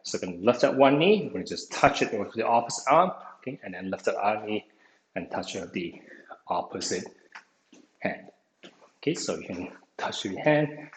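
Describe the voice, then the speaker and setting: A man's voice: on the low side, sing-song, normal speed. A man instructing an online exercise class, slightly out of breath, encouraging and saying "okay" again and again. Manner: encouraging, says "okay" constantly. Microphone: video call. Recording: echoey room, faint noise.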